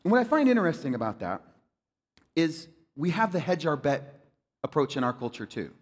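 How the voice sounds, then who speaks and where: A man delivers a sermon in a high voice that rises and falls all over the place. He talks to the room like a friend and throws in jokes between readings. A long reverb from a large hall trails behind his words. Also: a little fast. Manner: animated, conversational preaching with jokes. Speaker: pastor.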